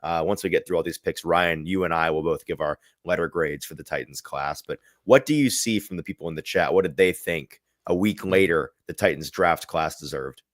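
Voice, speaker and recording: A man's voice: sits low, fairly quick, few pauses, no room sound, studio quality. A man hosting a sports podcast, talking through football analysis in a thoughtful, rambling way with frequent restarts.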